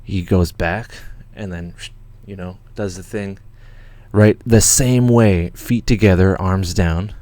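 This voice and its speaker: A Canadian man hosting a livestream, telling a story in an excited, rambling way with lots of swearing and restarts. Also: low voice, slow. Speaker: channel host.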